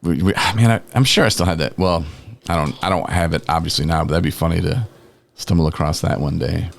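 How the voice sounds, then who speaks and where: Deep-voiced man telling rambling stories. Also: brisk, vocal fry. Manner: rambling, laughing, quotes people in lively voices. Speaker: guest on recovery talk show. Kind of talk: casual storytelling chat. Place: podcast studio.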